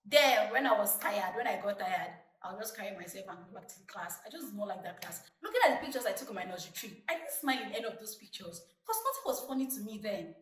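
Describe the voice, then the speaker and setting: A woman's voice: mid-range voice, fast talker, hardly any pauses. Nigerian woman in her twenties, roomy sound. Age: 20s. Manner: chatty, lively retelling with acted-out quotes. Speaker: vlogger. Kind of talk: casual storytelling to camera. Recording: roomy, distant mic.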